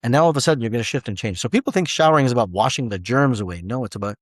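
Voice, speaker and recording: Male motivational speaker in his forties, rambling and animated, mid-pitched voice, recorded dry and close. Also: rapid-fire, no room sound. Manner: animated, rambling storytelling with repeated restarts. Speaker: self-help speaker. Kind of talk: motivational monologue.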